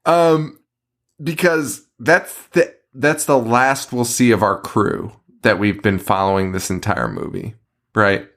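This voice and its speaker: A man's voice: lowish voice, steady tone, takes it slowly, a bit bright. A man co-hosting a horror movie podcast, giving a profane, laughing recap in casual chat. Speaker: podcast co-host.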